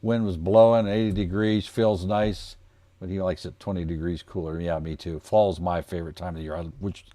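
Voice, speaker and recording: A man's voice: low-pitched, steady tone, normal speed, dark tone, no room sound. A man from Ohio hosting a casual trading livestream, folksy and joking, calling himself plain redneck. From Ohio, United States. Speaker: trading coach host.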